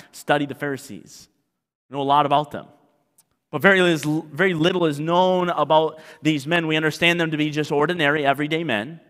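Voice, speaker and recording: A man from Canada preaching a sermon as pastor, swinging from quiet asides to loud, acted-out exclamations. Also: on the high side. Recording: long reverb of a large hall.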